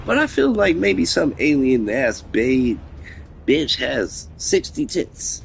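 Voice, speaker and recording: Slow, laid-back rambling male streamer. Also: medium pitch, huge pitch swings, gravelly, slight background noise. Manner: profane, meandering, laid-back musing. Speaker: game streamer. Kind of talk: casual rambling stream chat.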